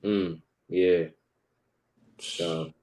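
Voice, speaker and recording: Low-voiced man in casual Bible talk. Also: flat delivery, extremely slow, dark tone. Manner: casual, slangy, laughs often. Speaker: Bible study co-host. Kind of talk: casual religious discussion.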